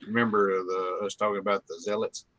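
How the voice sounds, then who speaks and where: A player at a tabletop game talks in a relaxed, joking way. His voice sits a little low, and the dry sound puts him close to the mic. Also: fairly quick, dry recording. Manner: laid-back, joking.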